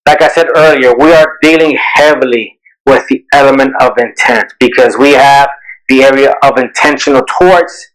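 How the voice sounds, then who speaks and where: Brief: male tutor, mid-pitched, explanatory lesson delivery. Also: moderate pace, poor audio. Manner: explanatory, asks and answers his own questions. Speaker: bar exam tutor. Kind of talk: recorded exam review lesson.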